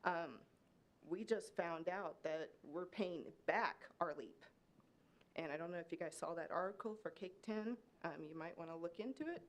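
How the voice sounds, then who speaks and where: A woman's voice: fairly low pitch, normal speed. A woman from Kansas speaking during public comment at a city meeting, pleading and emotional, her voice rising. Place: city commission meeting room.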